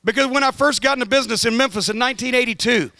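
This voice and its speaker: A man giving a profane, sardonic roast speech, telling a comic road story with building excitement. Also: extremely high pitch, racing, creaky, no room sound. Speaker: roast guest of honor.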